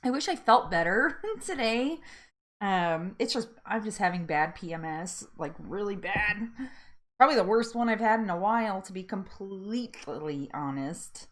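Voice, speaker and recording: Bubbly, animated woman hosting a live chat. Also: medium pitch, normal speed. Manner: bubbly and upbeat, laughs often. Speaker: host of a live weight loss support chat. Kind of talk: casual live-stream chat, greeting viewers.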